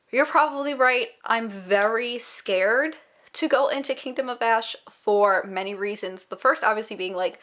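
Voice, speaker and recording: A woman's voice: medium pitch, fairly bright tone. A young woman chatting casually and emotionally in a reading vlog, tired and full of exclamations. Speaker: book vlogger.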